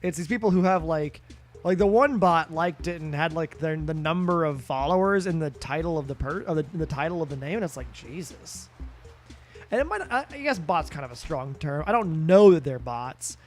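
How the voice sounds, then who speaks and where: A man's voice: a little high, animated, normal speed, soft background music. A tired, sleepy man streaming a game late at night, rambling in casual chat with lots of fillers and restarts that trail off.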